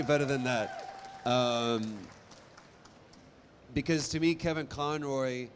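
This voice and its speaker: A man in his thirties, a voice actor speaking on a convention stage, animated and self-deprecating, with frequent restarts. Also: medium pitch, slight background noise. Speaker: voice actor guest on a convention panel. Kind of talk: live panel storytelling.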